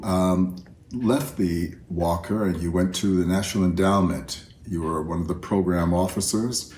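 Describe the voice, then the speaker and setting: A man's voice: low voice, a little mellow. An older man giving a reflective, heartfelt spoken tribute, speaking directly to an old friend. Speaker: artist giving a video tribute. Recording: roomy self-recorded video message.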